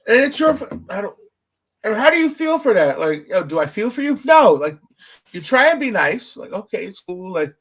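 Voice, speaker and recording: A man hosting a podcast, telling stories in a casual, profane, animated way. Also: normal speed. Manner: animated, profane storytelling with big pitch swings. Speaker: podcast host.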